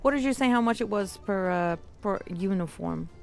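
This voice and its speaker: A chatty woman gaming on a live stream, laughing a lot and rambling through her plans. Her voice sits at an ordinary middle pitch, with faint music playing behind her. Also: expressive, normal speed, gravelly. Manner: chatty, laughs often, trails off and restarts. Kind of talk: casual gaming stream chat.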